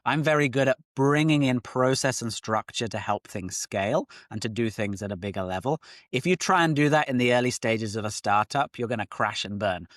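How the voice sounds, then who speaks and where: A man's voice: medium pitch, a little fast, fairly bright tone, no echo. Articulate British man, dry sound. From United Kingdom. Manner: articulate, structured explanations. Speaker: guest entrepreneur. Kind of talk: podcast interview.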